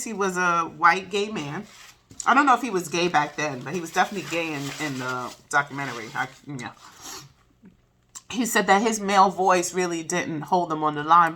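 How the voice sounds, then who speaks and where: Blunt, digressive woman with a lowish voice. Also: a bit bright. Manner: candid, profane, digressive. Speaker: video reviewer. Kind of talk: casual commentary vlog.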